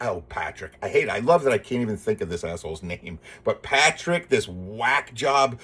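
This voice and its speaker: Husky, exasperated man ranting. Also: on the high side. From lives in Texas. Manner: profane, exasperated, sarcastic. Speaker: political commentator. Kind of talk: ranting monologue.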